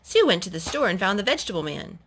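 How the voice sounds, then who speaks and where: A woman at home reading a picture book aloud to her child, in a gentle, animated storytelling manner. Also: medium pitch, fast, a loud crowd. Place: at home indoors.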